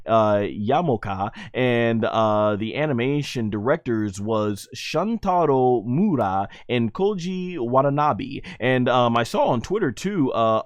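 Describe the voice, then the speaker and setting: A man giving casual, excitable play-by-play commentary on anime fights, laughing often and rambling loosely. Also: mid-range voice, no echo, clean studio sound.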